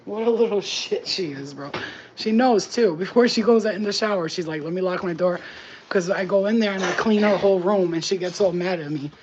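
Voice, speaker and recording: A woman's voice: medium pitch, brisk, a little mellow, dull audio, a little hiss or hum. A woman in her thirties chatting casually, cursing freely and laughing often, teasing her dog. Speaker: vlogger. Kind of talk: casual chat.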